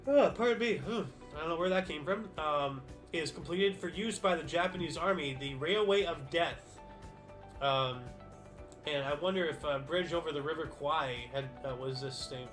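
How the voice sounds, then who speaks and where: Guy, highish voice, reads history dates then rambles off on tangents, soft music underneath. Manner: reads headlines then muses aloud, many fillers and self-corrections. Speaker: host of a daily history show. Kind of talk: casual reading of historical dates with asides. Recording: faint background music.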